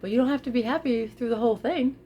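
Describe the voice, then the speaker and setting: A woman vlogging casually to her viewers, expressive, often repeating her phrases and laughing. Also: a little high, fast talker, muffled recording, a little hiss or hum. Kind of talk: casual talk to camera.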